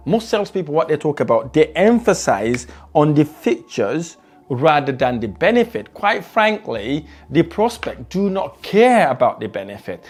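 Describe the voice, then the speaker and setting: A man coaching on sales, speeding up and slowing right down as he demonstrates his tone. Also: a little high, darkish tone. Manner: varies pace and tone widely to demonstrate. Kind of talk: motivational teaching video.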